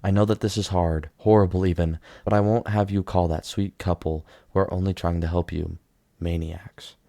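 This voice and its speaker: A man's voice: sits low, steady tone, moderate pace, vocal fry, mellow, no room sound, studio quality. A man reading the part of a shy teenage girl who speaks earnestly and scolds firmly. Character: shy teenage girl, firm when defending family.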